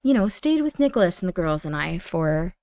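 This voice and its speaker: A gentle grown daughter who coaxes her mother softly, as a woman puts her on. Low-pitched and close, with a dry, roomless sound. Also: very animated, fairly quick, no echo. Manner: gentle, coaxing. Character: gentle adult daughter, persuasive.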